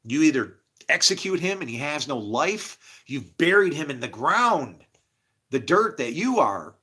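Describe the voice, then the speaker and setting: A man delivering a rambling religious monologue, swinging from low mumbles to shouting and laughing to himself. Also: sing-song, a little slow, husky.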